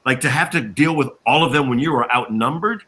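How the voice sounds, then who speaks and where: A man co-hosting a casual news discussion, animated and emphatic, sometimes sarcastic. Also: medium pitch, brisk, slight background noise. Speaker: co-host.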